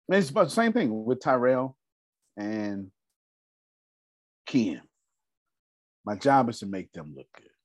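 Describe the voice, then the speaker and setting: Animated man coaching a group. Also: fairly low pitch, dry recording, clean studio sound. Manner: animated, repeats key points, laughs often. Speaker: host and business coach. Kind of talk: casual coaching talk on a group call.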